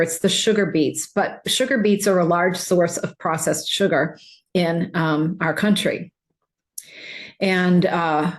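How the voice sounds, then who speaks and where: A woman nutrition coach, talking casually over slides, rambling with many fillers and restarts. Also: fairly low pitch.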